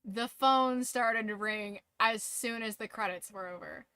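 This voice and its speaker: A high-pitched woman with a bright, sharp tone tells a story to her stream in a dry, close sound. She giggles often, swears freely and keeps saying "like". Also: unhurried, clear, resonant tone, no echo. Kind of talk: casual storytelling to a live stream.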